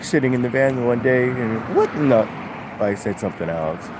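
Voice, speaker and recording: A man vlogging a halting, musing spiritual monologue, full of fillers. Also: mid-range voice, lively intonation. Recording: outdoor traffic noise.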